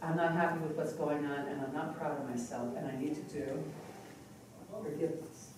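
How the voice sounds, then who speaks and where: A woman presenting a live hypnotherapy teaching demonstration in an expressive, conversational way, recorded from a distance in a large conference hall. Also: low voice, normal speed. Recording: echoey hall from far off with noise.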